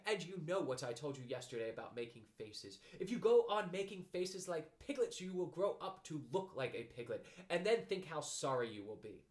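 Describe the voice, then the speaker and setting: A brisk, motherly female kangaroo, as a man puts her on for a storybook, soothing but firm with a touch of severity. The voice sits a little high and moves in lively swoops. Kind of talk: storybook reading.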